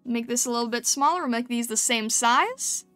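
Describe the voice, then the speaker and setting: A woman's voice: a little high, moderate pace, fairly bright tone, faint music behind. A woman streamer chatting casually with her chat and thinking aloud while she paints over and critiques thumbnails.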